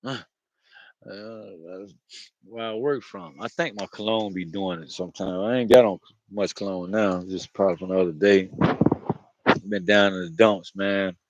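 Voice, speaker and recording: A man's voice: low-pitched, steady tone, normal speed, muffled recording, a little hiss or hum. A man talking to camera outdoors in a loose, rambling monologue, slangy and profane, often laughing. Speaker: vlogger.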